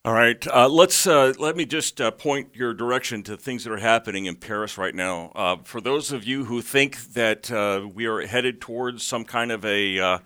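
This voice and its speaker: Bright-voiced opinionated male radio co-host. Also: mid-range voice, normal speed, few pauses, smooth. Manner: opinionated, explains news with context. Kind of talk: talk radio discussion.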